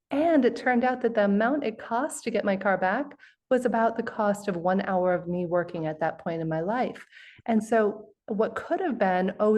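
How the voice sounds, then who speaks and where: A woman's voice: on the high side, a little mellow. A woman hosting an interview, sharing an earnest, upbeat personal story. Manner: earnest, upbeat, laughs while telling. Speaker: host. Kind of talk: conversational storytelling.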